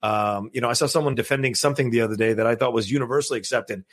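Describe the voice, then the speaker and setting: Husky-voiced man chatting casually. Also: medium pitch, very fast, a bit bright. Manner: rambling, many restarts and fillers. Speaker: podcast co-host. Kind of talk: casual chat.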